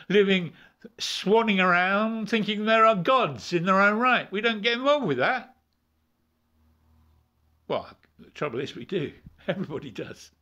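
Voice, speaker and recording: Guy giving a loose rambly sermon, pretty high-pitched voice, keeps repeating himself. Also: bright, forceful tone. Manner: rambling, repeats words, chuckles often. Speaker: preacher. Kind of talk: informal sermon.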